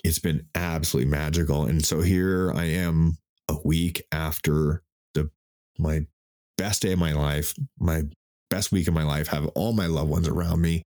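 A man in his fifties talks alone into a podcast mic from his home desk, with a very deep, low-pitched voice. He speaks candidly and emotionally about his own life. He swears freely and often stops to restart a sentence. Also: fairly even intonation, moderate pace, darkish tone. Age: 50s. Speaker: podcast host. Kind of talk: solo reflective podcast monologue. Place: home desk in front of a computer.

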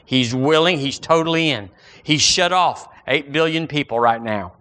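Bright-voiced folksy male preacher. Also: fairly high pitch, normal speed. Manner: folksy, animated, full of everyday analogies. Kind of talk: sermon.

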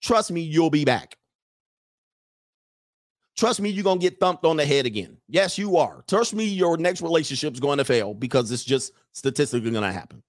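A man's voice: on the high side, expressive, normal speed. A man hosting a livestream show, giving a mocking, profane monologue full of repeated rhetorical questions.

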